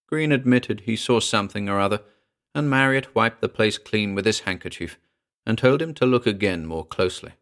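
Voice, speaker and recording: A man narrating a classic ghost story in a measured, quiet way. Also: on the low side, expressive. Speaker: audiobook narrator.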